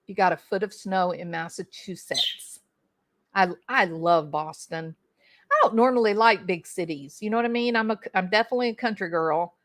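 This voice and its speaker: This is a middle-aged woman chatting casually on a livestream at home, reading comments and greeting people by name in a folksy tone. Her medium-pitched voice is a bit bright and moves at a normal speed.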